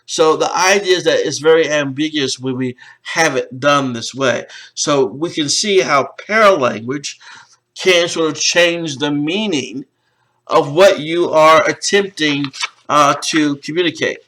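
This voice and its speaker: A male college lecturer explaining slides, pausing often on "uh" and restarting phrases. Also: on the high side, fairly bright tone, poor audio. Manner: explanatory, with frequent "uh" fillers and restarts. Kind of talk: recorded lecture over slides.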